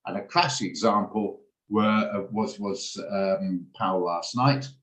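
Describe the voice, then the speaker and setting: Low-voiced middle-aged guy rambling about trades, lots of restarts, echoey video call room. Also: unhurried, a bit bright. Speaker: trading room host. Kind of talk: casual live trading commentary.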